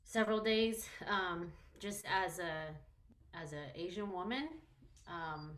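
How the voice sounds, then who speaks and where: A woman's voice: on the low side, slow pace, a bit bright, echoey room. A Chinese American woman, a mother and artist, speaking earnestly and emotionally as a guest in a public conversation. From United States. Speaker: panel guest.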